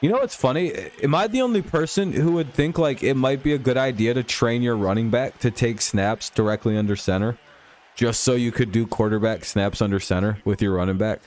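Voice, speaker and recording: A man's voice: medium pitch, a little fast, a little mellow. A man hosting a live stream, casually chatting with viewers while commenting on a football game, rambling, laughing often and swearing freely.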